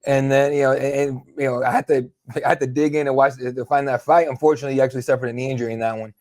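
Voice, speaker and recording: A man's voice: medium pitch, fairly even intonation, rapid-fire, a little mellow, no room sound, studio quality. A man interviewing a fighter in a casual interview, enthusiastic and affirming.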